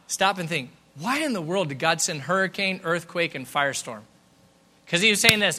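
A middle-aged man preaching a sermon in a church, lively and conversational, with quick asides to the congregation. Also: high-pitched. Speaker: pastor. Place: church sanctuary.

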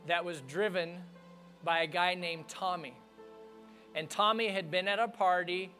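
A man's voice: high voice, a bit bright. A man preaching a sermon as pastor, speaking to the congregation in a conversational, earnest way.

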